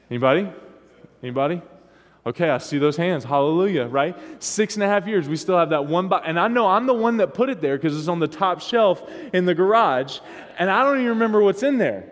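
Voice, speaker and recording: A man preaching a sermon as pastor, talking casually and often asking the congregation for responses. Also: fairly high pitch. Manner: conversational, asks the congregation for responses. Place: church. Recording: long hall reverb.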